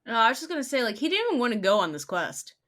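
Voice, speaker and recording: Brief: woman co-host, casual and offhand, bright-pitched, expressive intonation. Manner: casual, offhand, quick asides. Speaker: podcast co-host. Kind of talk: casual chat.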